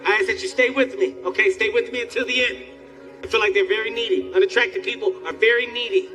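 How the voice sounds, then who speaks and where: A man in his forties doing stand-up comedy, telling loud, animated stories with shouted outbursts. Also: high voice, fast, recorded from a distance, soft background music. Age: 40s.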